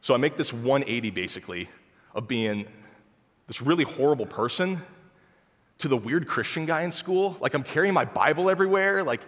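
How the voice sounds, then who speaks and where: A man's voice: medium pitch, lively intonation, normal speed, fairly bright tone, big-room sound. A young man sharing a personal faith testimony in casual, heartfelt storytelling full of filler words. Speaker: speaker sharing his testimony.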